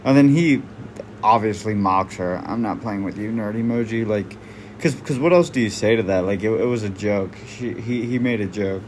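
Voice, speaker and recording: A man's voice: on the low side, normal speed, darkish tone, slight background noise. A man doing casual reaction commentary, blunt and slangy, swearing freely. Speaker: online commentator.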